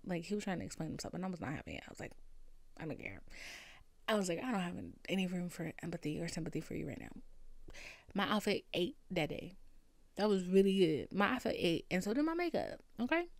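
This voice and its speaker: A woman in her twenties telling a story to camera in a casual vlog, swearing freely and swinging between hushed near-whispers and loud outbursts. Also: mid-range voice, dry recording. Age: 20s. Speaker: vlogger.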